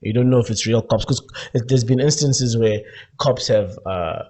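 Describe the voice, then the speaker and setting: A man hosting a podcast, telling a story in casual chat, animated, laughing often and acting out voices. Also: mid-range voice, normal speed, breathy edge. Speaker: podcast host.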